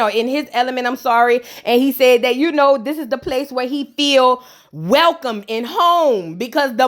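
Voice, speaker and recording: A woman hosting a casual comedic recap of a reality show, sassy and full of roasting jokes. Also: high-pitched. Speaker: reality TV reviewer.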